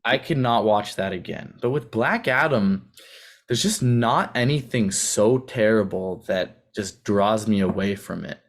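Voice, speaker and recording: A man's voice: lowish voice, lively intonation, a little slow. A young man co-hosting a podcast, chatting about a movie in an easygoing, hesitant way full of fillers. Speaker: podcast co-host. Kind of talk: casual movie debate.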